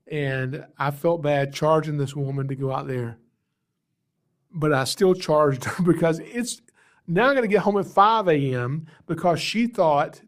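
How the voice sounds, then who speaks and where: A man hosting a podcast, casually telling stories about his calls as a snake catcher, animated and chuckling as he acts out callers. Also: on the high side. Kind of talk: casual storytelling.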